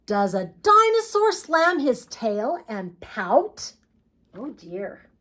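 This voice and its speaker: A woman teaching a preschool craft class and reading a picture book aloud to young children, slow and playful. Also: sits high, very animated, bright, forceful tone.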